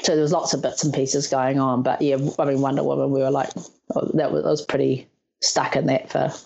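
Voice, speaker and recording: A woman's voice: extremely low pitch, a little fast, creaky, slightly rough, highs cut off. A woman, a stunt performer in her thirties, telling stories in a casual interview and acting out the lines of people she quotes, laughing often. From New Zealand. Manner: animated, laughing, acts out quotes.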